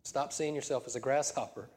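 Man preaching a sermon, dark and roomy. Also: mid-range voice, steady tone, moderate pace. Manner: conversational preaching with laughs and rising emphatic peaks. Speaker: senior pastor. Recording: long hall reverb.

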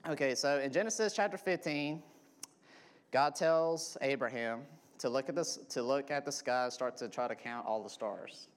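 Male preacher, sermon delivery at mid pitch, restates key lines, asks "okay?" often. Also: moderate pace.

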